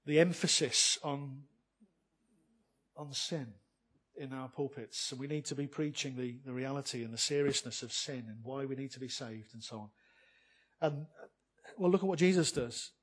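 Speaking to his congregation, a male preacher fills his sermon with rhetorical questions and moves back and forth between loud emphasis and quiet softness. The voice is slightly high with a breathy edge, delivered at normal speed.

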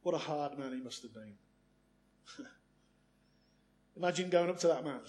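A man preaching a sermon, earnest and full of rhetorical questions, swinging from loud emphasis to hushed asides. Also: on the high side, moderate pace.

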